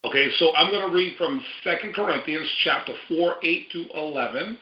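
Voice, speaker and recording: A man preaching a sermon on a church call, steady and putting questions to his listeners. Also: fairly high pitch, fairly quick. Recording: roomy, muffled lo-fi audio.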